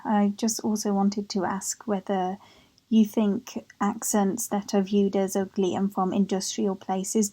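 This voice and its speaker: A woman's voice: mid-range voice, dark tone, low-quality recording. A young woman from England with a Black Country accent, chatting casually to camera as a vlogger and laughing often. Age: young adult.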